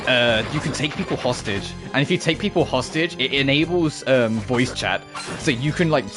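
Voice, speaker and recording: A man's voice: medium pitch, moderate pace, music in the background. Male streamer, casual profane gameplay commentary, ranty and laughing. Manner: profane, ranting, laughs often.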